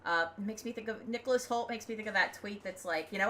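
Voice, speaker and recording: A woman's voice: mid-range voice, fast talker, few pauses, a bit bright. A young American woman livestreaming, chatting casually and rambling with opinions, fillers and frequent laughs. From United States. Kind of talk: casual chat.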